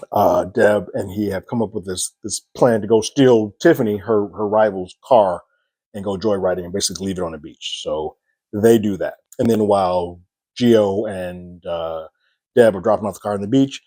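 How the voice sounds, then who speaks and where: Low, husky man recapping a TV episode. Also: a little mellow, no echo. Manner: loose and chatty, acts out characters' lines in quick quotes. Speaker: TV recap reviewer. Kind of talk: casual recap monologue.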